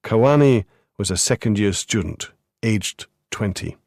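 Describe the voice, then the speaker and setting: A man narrating a crime audiobook in a measured, even way. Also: on the low side, no room sound, clean studio sound. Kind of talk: scripted narration.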